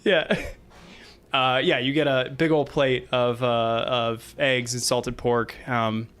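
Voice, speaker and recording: A man's voice: medium pitch, flat delivery, slow pace, a bit bright, clean tone. A man narrating and running a tabletop game as dungeon master, chatty and giggly with many fillers.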